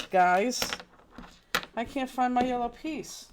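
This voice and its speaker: A woman's voice: medium pitch, measured pace. Brief: woman craft teacher, casual live class, chatty and exclamatory, faint hiss and clicks behind. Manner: chatty, exclaiming, fretful while searching.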